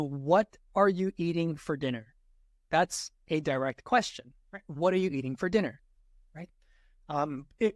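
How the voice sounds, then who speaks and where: A man tutors through a test-prep walkthrough lesson, checking in with "right?" after most points and restarting words mid-way as he explains. His high-pitched voice is captured in a dry, studio-quality recording.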